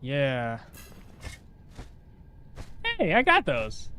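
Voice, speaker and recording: A man's voice: high-pitched, expressive, measured pace, fairly bright tone, a little hiss or hum. Casual man streaming a game, laughing. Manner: casual, chatty, laughs often, talks to chat. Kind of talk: live gameplay commentary to chat.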